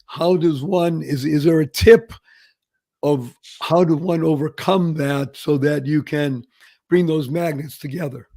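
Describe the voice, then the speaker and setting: An older man hosting a talk interview, his voice a little high and warmly mellow. He asks measured, probing questions of his guest. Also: fairly even intonation. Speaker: host. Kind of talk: conversational podcast interview.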